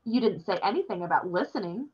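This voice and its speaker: A woman voicing a bold, cheeky young girl with quick, sassy comebacks, recorded with dull lo-fi sound. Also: mid-range voice, lively intonation, a little mellow, husky.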